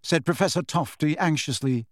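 A man narrating a storybook in a measured, expressive reading, his voice a little higher than most men's. The sound is dry and close, with no room echo. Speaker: audiobook narrator. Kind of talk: scripted narration.

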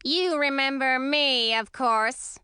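A woman's voice: high-pitched, takes it slowly, sharp tone, smooth, dry recording, clean studio sound, voice pushed up, exaggerated voice. A woman voicing a grumpy, complaining old female witch who grumbles about her aches.

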